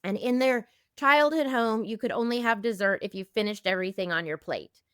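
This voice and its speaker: A woman in her fifties, an eating disorder specialist, explaining gently in a casual podcast conversation and acting out little example dialogues. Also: fairly high pitch, brisk, smooth, no room sound, studio quality. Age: 50s.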